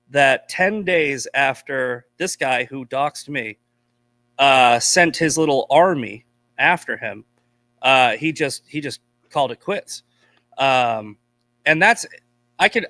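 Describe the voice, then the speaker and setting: A man's voice: medium pitch, bright, forceful tone, no echo. A man from Boston, a podcast guest, telling stories in blunt, profane casual chat. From Boston, USA.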